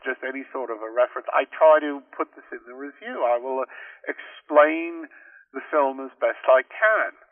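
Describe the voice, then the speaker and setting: Man, gravelly voice, rambling radio interview guest, tinny phone line, dry. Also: medium pitch, dry recording, far from the mic. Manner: rambling, frequent restarts and fillers. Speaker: interview guest, film reviewer.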